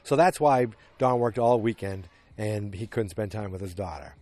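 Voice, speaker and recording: A man hosting a podcast, casually recapping a TV episode in a rambling, animated way. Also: on the low side, moderate pace. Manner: rambling, animated retelling with acted quotes. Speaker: podcast host.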